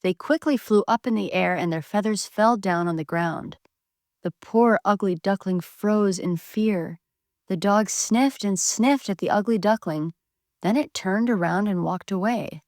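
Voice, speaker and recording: A woman reading a bedtime story aloud in a gentle, expressive way. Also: mid-range voice, measured pace, no echo.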